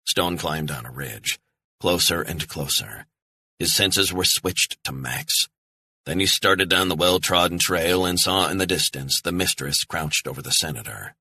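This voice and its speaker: Low, husky male audiobook narrator. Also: sharp tone, no room sound. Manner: tense, measured storytelling. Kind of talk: scripted thriller narration.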